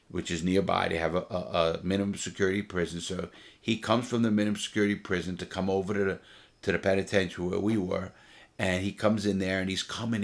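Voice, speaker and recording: A man's voice: sits low, vocal fry. A middle-aged man, a former prisoner, bluntly telling first-person stories with profanity. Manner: blunt and profane, vivid retelling.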